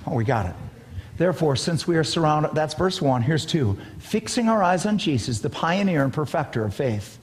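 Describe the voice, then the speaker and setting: An older man preaches a sermon as pastor, his fairly high, slightly rough voice moving at a moderate pace. He tells animated stories punctuated by emphatic bursts, and the recording carries a long hall reverb.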